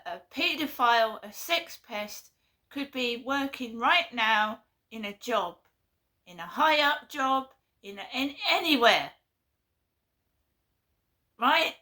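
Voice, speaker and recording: Woman vlogger, fairly high and bright, earnest and insistent. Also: expressive, slow, long pauses. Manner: blunt, earnest, repeats herself. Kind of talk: impassioned monologue.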